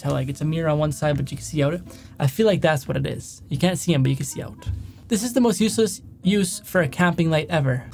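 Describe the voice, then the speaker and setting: A man's voice: fairly high pitch, vocal fry, darkish tone. A young man doing casual reaction commentary, rambling and correcting himself as he goes, often chuckling. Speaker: YouTube commentator.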